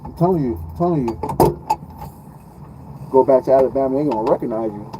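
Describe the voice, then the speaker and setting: A man's voice: medium pitch, a little fast, dull audio, heavy background noise. A man from New York City with a New York accent, chatting casually on a live stream, joking in slang and repeating his lines.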